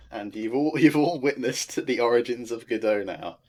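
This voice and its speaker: A woman's voice: very deep voice, normal speed, darkish tone. A woman co-hosting a game stream, chatting casually and laughing often. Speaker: streamer co-host.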